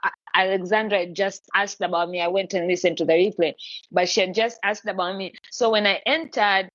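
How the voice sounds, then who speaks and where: A woman hosting a casual podcast chat, chatty and animated, often restarting her sentences. Her voice sits in a middle range. The sound is dull and dry, with no room echo. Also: mid-range voice, a little fast. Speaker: podcast host. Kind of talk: casual live-stream chat.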